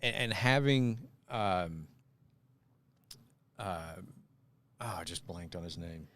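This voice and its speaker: A man's voice: low-pitched, expressive, takes it slowly, fairly bright tone, dry recording. A man guest-hosting a casual talk show, easygoing and thoughtful, sometimes trailing off mid-sentence. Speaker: guest host. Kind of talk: casual chat.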